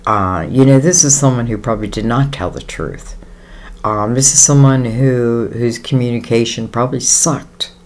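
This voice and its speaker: At normal speed and medium pitch, a male tarot reader talks through a casual reading. He's conversational and rambling, uses many fillers, and speaks reassuringly right to the listener.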